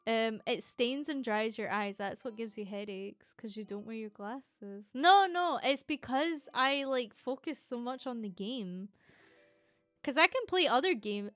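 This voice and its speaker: Excitable Scottish woman streamer, dry sound. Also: on the high side, measured pace, no echo, faint music behind. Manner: excitable, teasing, swears freely. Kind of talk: casual chat reading viewer comments.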